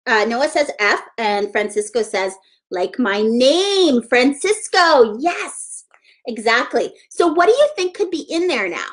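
A woman's voice: a little high, very animated, a little slow. A woman teaching a live online letters-and-sounds lesson to young children, encouraging and sing-song as she praises each child by name.

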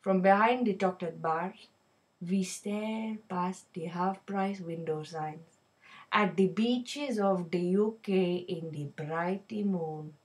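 A woman's voice: fairly low pitch, slow pace, darkish tone. A woman voicing a lovestruck young male shopkeeper in a put-on Indian English accent, reciting a dramatic poem in a rhythmic, singsong way. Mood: dreamy. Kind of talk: dramatic poetry reading.

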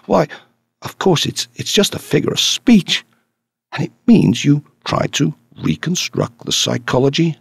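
A man's voice: fairly high pitch, expressive, measured pace, creaky, slightly rough, no echo, pitched above the performer's own voice, exaggerated voice. A man voicing a brash, chatty American newsman. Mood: eager. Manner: eager, insistent and chatty. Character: brash talkative American male journalist. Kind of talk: audiobook character reading.

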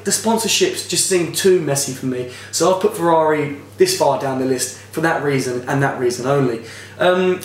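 A man's voice: fairly high pitch, distant mic. Chatty opinionated guy in an echoey room. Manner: chatty and opinionated, rambling with restarts. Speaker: motorsport vlogger. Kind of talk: casual opinion commentary.

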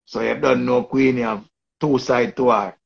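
Gravelly Jamaican man, rambling. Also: medium pitch, steady tone, moderate pace, highs cut off. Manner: repetitive, restarts phrases, talks in patois. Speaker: online commentator. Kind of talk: casual rambling commentary.

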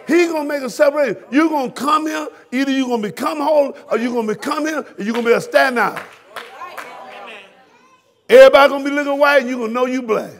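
A male pastor with a Southern US accent, preaching a fiery sermon that swings from shouted peaks to hushed drops. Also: extremely high pitch, fast. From Florida, US.

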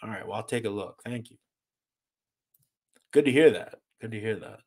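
A man's voice: lowish voice, normal speed, darkish tone. An American man hosting a casual livestream, reading chat comments aloud and answering them bluntly, swearing freely and sounding exasperated. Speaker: host reading live chat.

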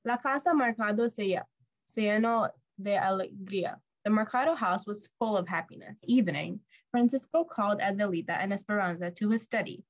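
A woman reading a storybook aloud to children, with clear, expressive storytelling. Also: mid-range voice, fairly quick, lo-fi sound. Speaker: storybook reader.

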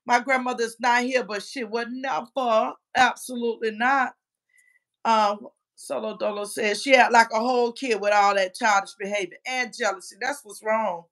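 On a casual livestream, a woman with a voice on the high side reads chat comments aloud, brash and profane, and often shouts.

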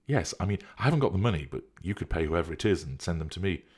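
A man's voice: low voice, expressive, fast, a little mellow, husky. A man putting on a demanding, pleading woman. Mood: wheedling. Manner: pleading, insistent, petulant. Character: demanding young woman craving drugs.

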